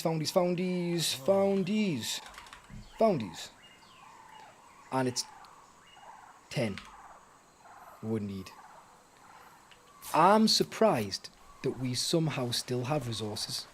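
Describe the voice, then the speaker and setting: A man's voice: mid-range voice, slightly rough. A man streaming a survival game live, chatting to himself and his viewers in a rambling, self-mocking way. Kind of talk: live gameplay chat.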